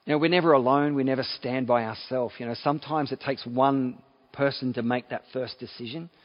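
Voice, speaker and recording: A man's voice: medium pitch, a little fast, lo-fi sound. A man, a pastor, giving a conversational sermon and often restarting his phrases. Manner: conversational preaching with repeated restarts.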